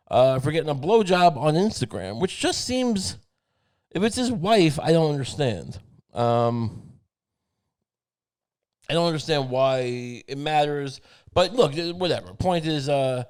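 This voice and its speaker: A man's voice: mid-range voice, darkish tone. A man hosting a podcast, talking through a meandering, profane comedic monologue. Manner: rambling, meandering, profane, many fillers. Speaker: podcast host.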